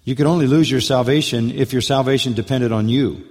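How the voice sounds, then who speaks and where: A man's voice: medium pitch, brisk, a little mellow. A male pastor delivering an expository sermon. He preaches emphatically, repeats his key phrases and asks rhetorical questions. His voice carries a long reverb from a large church sanctuary.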